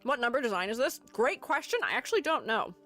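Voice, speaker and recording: This woman's voice sits on the high side and is very animated, fast, and fairly bright, with faint music behind her. She's a streamer critiquing art in a casual live-stream chat, rambling, giggly, and self-deprecating as she laughs at herself.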